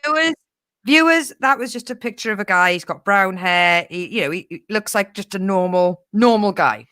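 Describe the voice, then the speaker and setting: A woman's voice: mid-range voice, animated, moderate pace, pushed and bright, smooth, no room sound. A woman co-hosting a comedic news chat show, rambling, swearing and laughing as she tells a story. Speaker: co-host.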